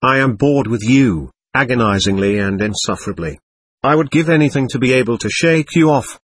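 A man reading the part of a suave, mocking male devil who talks like a worldly gentleman, with an ironic, chatty manner. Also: mid-range voice, fairly quick, slightly rough, natural voice. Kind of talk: audiobook character reading.

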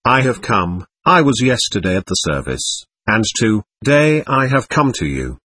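Guy reading as a grieving peasant mom, slow sing-song wail, husky voice, lively pitch. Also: no room sound, heavily acted. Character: grieving peasant mother, worn and thin. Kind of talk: audiobook character reading.

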